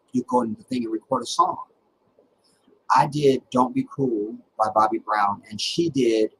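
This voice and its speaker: A middle-aged man hosting a livestream, telling personal stories in a dramatic, animated way with halting restarts. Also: medium pitch, a little hiss or hum, poor audio. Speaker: livestream host. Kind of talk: casual personal storytelling.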